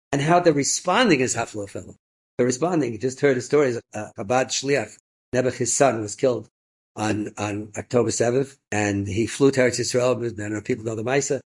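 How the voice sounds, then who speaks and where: A man, a rabbi, telling inspirational stories in an animated way, with bursts of excited emphasis. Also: mid-range voice, a little fast, slightly rough. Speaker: rabbi and storyteller. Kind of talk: inspirational storytelling talk.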